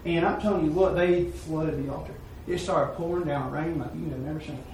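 A preacher man tells his mission story in a folksy, repetitive style, building to emphatic peaks. His somewhat high voice carries from a distance in a heavily echoing hall, over a faint hiss. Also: steady tone, fairly quick, a little mellow. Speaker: preacher giving a mission report. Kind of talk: sermon storytelling. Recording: echoey hall, far-off mic, faint noise.

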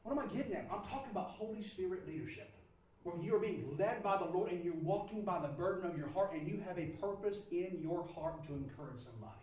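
A man preaching a sermon, moving from loud pleading prayer down to low, quiet speech. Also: animated, fast, very echoey, far from the mic, low-quality recording.

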